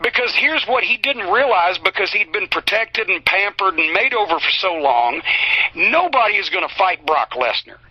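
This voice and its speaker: A man's voice: high-pitched, sing-song, normal speed, slightly rough, no echo. A man telling a heated, profane story in an interview. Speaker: interview guest. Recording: slightly dull, dry recording.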